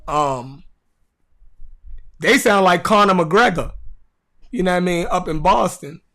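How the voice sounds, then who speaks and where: A man with a strong Baltimore accent talks in a fairly high voice, loose and full of street slang. He riffs casually on a podcast and keeps tossing "you feel me" back at the listener. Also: measured pace. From Baltimore, USA. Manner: animated slangy storytelling, repeats "you know what I mean". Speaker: podcast host.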